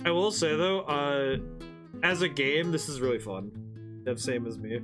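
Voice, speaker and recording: A man's voice: mid-range voice, moderate pace, music in the background. A man streaming a game, chatting loosely with viewers and rambling through his thoughts. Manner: rambling, self-correcting, chatty asides to chat. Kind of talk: casual live-stream commentary.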